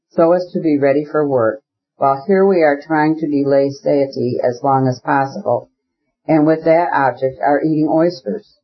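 A husky-voiced man reading an audiobook, voicing an earnest, uneasy young country landowner in a plain, serious way. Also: fairly high pitch, lo-fi sound.

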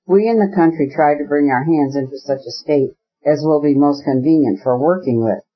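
A husky-voiced man reading an audiobook, voicing an earnest, uneasy young country landowner in a plain, serious way. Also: fairly high pitch, normal speed, dull audio.

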